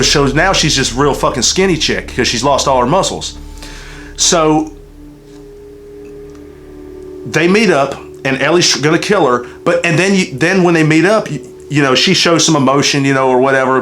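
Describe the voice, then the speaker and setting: A man with a Southern US drawl tells a game story in a loose, rambling way and swears all the time. He talks emotionally, with a voice of middling pitch. Faint music runs under him. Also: fairly bright tone. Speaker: channel host reviewing a game. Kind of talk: casual unscripted review chat, heavy profanity.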